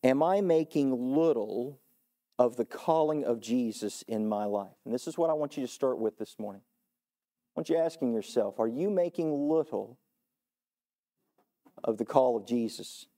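A man preaching a sermon as pastor, earnest, climbing to emphatic high points and falling back low, often repeating and restarting words. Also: lively intonation, unhurried, warm tone. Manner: earnest, rising to emphatic peaks then dropping low.

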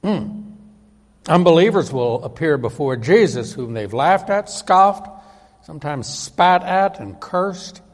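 A man preaching a sermon in a slightly high voice whose pitch rises and falls a lot. He speaks with emphasis and often acts out the voices of the people he quotes. A long hall reverb trails behind each phrase. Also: lively intonation, takes it slowly.

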